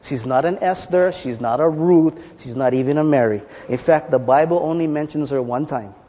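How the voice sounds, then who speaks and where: A man's voice: a little high, normal speed, long reverb tail. A man preaching a sermon, telling stories in a playful way. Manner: storytelling, playful, lively. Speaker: pastor. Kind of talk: sermon with jokes.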